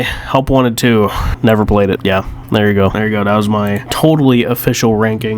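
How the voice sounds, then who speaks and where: A man's voice: fairly low pitch, slight background noise. A man giving casual, rambling commentary on a game ranking, stuffy and tired, blunt and profane. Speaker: video creator.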